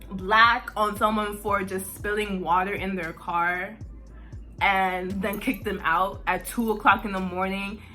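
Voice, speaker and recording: A young woman from New York, a vlogger telling a casual storytime, animated and profane, saying "like" constantly. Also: mid-range voice, a little slow, faint music behind. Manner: animated, profane, heavy use of "like".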